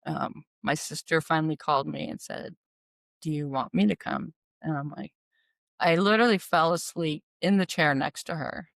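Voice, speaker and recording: Middle-aged woman, low gravelly voice, dry close sound, earnest personal story. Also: normal speed, fairly bright tone, dry recording. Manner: earnest, emotional retelling with quoted dialogue.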